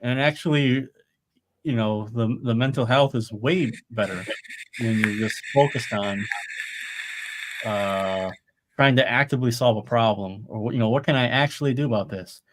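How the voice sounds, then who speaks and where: A man's voice: mid-range voice, moderate pace, background noise. A middle-aged man talking casually on a live stream, rambling and swearing freely. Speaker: podcast co-host. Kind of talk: casual chat.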